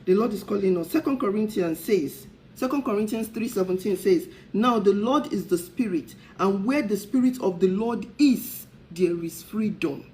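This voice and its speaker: A woman's voice: mid-range voice, moderate pace, few pauses, darkish tone, a little hiss or hum, poor audio. A woman, a talk show host, speaking in an impassioned preaching style and firing off repeated rhetorical questions.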